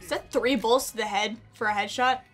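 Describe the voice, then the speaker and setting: A woman streamer giving excitable, chatty commentary over her own gameplay, often gasping and exclaiming. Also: fairly high pitch, a little fast. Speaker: gaming streamer. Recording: game music and gunfire behind.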